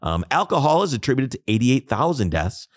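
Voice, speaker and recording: This podcast co-host speaks in a mid-range voice at a slightly fast clip, ranting in an animated, emphatic way as he shares strong opinions in casual conversation. The sound is clean studio audio with no echo.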